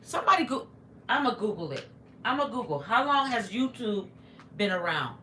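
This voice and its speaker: A woman's voice: medium pitch, sing-song, normal speed, bright, forceful tone. A middle-aged woman chatting casually on a livestream from home, talking to viewers while eating. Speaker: livestream vlogger. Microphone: phone. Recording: echoey room with faint noise.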